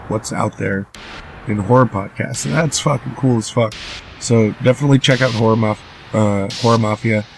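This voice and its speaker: A man's voice: lowish voice, vocal fry, slight background noise. Rambling man hosting a podcast. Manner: rambling, heavy fillers, casual swearing. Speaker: podcast host. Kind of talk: casual podcast outro.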